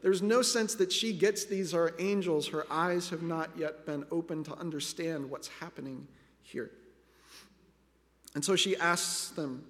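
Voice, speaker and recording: High-voiced preacher with long hall reverb. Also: male voice, a little slow, a bit bright. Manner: earnest, reflective, addresses listeners as friends. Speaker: pastor. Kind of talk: sermon.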